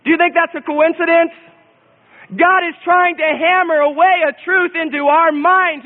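Male pastor with a strikingly high voice, emphatic sermon delivery; thin lo-fi recording, long reverb. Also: level tone. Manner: emphatic, slows and repeats key phrases. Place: church sanctuary.

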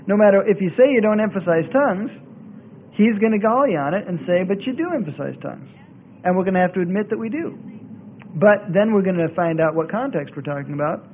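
Bible teacher, male, high voice, insistent and repetitive, narrow phone-like old tape. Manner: argumentative, repeats points for emphasis. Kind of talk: classroom lecture.

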